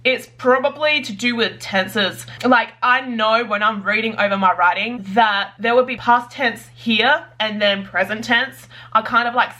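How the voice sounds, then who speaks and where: A woman's voice: fairly high pitch, measured pace, few pauses, pushed and bright. A woman vlogging about her writing in a casual, chatty way, full of "like" fillers and light laughs. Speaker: writer vlogger. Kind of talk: casual chat to camera.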